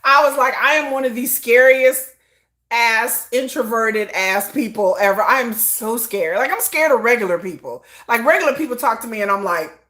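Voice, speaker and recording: Her voice on the high side and her pace moderate, a livestream host chats casually and tells animated stories. She laughs a lot and acts out quotes, despite calling herself a shy introvert.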